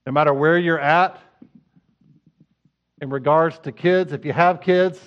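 A man's voice: fairly high pitch, unhurried. Middle-aged guy pastor preaching, chatty then fired up, kinda muffled recording. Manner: conversational, swings from hushed to fervent. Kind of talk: sermon.

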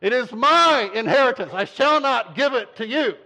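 A man's voice: very high-pitched, expressive, normal speed, bright, forceful tone, voice pushed up, full character voice, low-quality recording. A man voicing his brother as a boy who speaks in grand, mock-archaic scripture language. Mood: pompous. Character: older brother as pompous Bible-speaking boy.

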